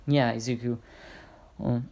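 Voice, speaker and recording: Man reading a young fighter in a fan story; halting, gravelly delivery. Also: mid-range voice, fairly even intonation, darkish tone, natural voice. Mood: earnest. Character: brash young male fighter.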